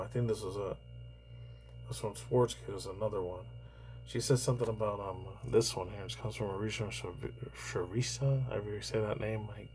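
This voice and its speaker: A New York YouTuber in his thirties reacts to news in rambling casual commentary, swearing freely and stuffing his speech with fillers. His voice is lowish and a little mellow, on a rough recording with some hiss or hum.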